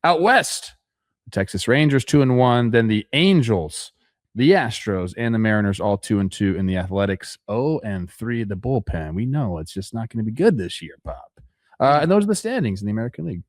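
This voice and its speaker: A man's voice: lowish voice, big pitch swings, a little fast, no room sound. A man co-hosting a baseball podcast, reading standings with wry, dry asides. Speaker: podcast co-host. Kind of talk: casual sports chat.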